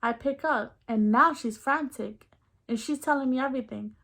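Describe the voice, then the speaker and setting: Young woman, fairly high voice, candid casual storytime, slangy, acts out dialogue. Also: normal speed. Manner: candid, expressive, slangy retelling. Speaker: vlogger.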